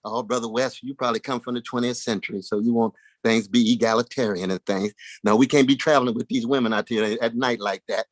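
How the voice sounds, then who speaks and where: A man voicing Jesus as a patient, soft-spoken figure who gently pushes back in an imagined exchange. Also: medium pitch, steady tone, fast talker, dry recording, natural voice. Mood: gently reluctant.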